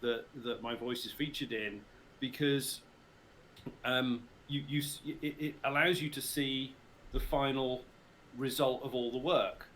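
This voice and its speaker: Guesting as a voice actor on a casual livestream from his mother's house, a middle-aged man from England with a Received Pronunciation accent jokes and laughs readily. He speaks unhurriedly in a steady, fairly bright mid-range voice, with slight background noise.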